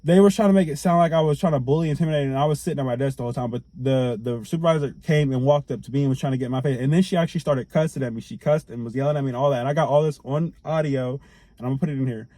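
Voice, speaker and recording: A young man telling a storytime to camera, animated and slangy, swearing as he retells. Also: medium pitch, rapid-fire, dry recording.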